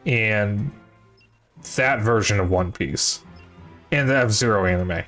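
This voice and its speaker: Speaking slowly in a fairly low, slightly bright voice, a young streamer talks casually to his live chat. His talk wanders, he fixes his own wording along the way, and the occasional curse slips out, while faint music plays underneath.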